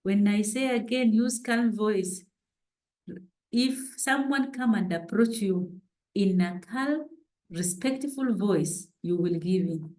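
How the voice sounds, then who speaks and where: A woman's voice: medium pitch, slow pace, a little mellow, reverberant, rough recording. A woman giving earnest parenting advice on a panel talk. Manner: earnest, exhorting. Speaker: parenting speaker.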